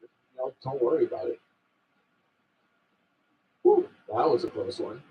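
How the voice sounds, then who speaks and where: A man's voice: mid-range voice, huge pitch swings, unhurried. A man performing a comedic sketch in an anxious, apologetic people-pleaser voice. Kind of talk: comedic self-help sketch. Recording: dull sound from a distant mic.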